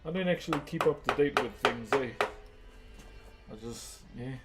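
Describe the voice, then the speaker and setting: A man's voice: mid-range voice, moderate pace. A man with a New Zealand accent chatting casually with viewers on a live stream while he works, friendly and laid-back, calling people bro. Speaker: live-streaming wood carver. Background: music.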